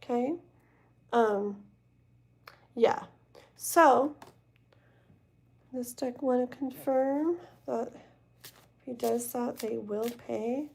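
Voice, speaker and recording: A woman's voice: on the high side, extremely slow, creaky, long pauses, slightly rough. A woman reading tarot live and chatting casually with viewers, with many fillers and "okay?" check-ins. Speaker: tarot reader.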